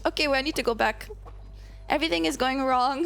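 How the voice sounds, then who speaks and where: A woman streaming a game and chatting casually with viewers. Her voice sounds strained and tired, and she is excitable and apologetic, breaking into loud squeals. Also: high voice, a little fast, gravelly, faint music behind. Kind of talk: casual gameplay chat with viewers.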